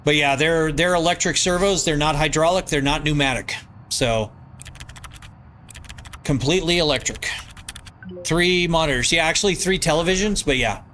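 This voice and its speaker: A man's voice: on the high side, moderate pace, pauses often, fairly bright tone, a little hiss or hum. A man with a nasal voice, live-streaming from his home basement, reading viewer comments aloud and answering in loose, rambling casual chat.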